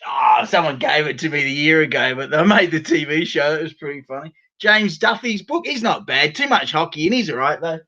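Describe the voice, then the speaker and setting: An Australian man chatting loudly and rowdily over a video call from his bedroom, swearing freely. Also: on the high side, lively intonation, brisk, few pauses, highs cut off. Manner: loud, rowdy, swears freely. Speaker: show regular. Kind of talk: casual video call chat. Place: bedroom at home.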